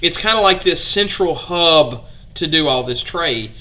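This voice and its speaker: Southern alabama guy doing a chill history stream, bright kinda high voice, asks chat stuff, trips over names. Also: expressive, a little slow. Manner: chatty, stumbles over foreign names, asks viewers questions. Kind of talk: casual live history lesson.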